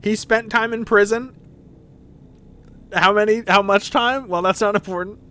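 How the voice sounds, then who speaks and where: A male streamer commentating a game playthrough and reading out chat, talking in an excitable, joking way. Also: high-pitched, measured pace. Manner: excitable, joking, laughs often. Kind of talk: let's-play commentary with chat.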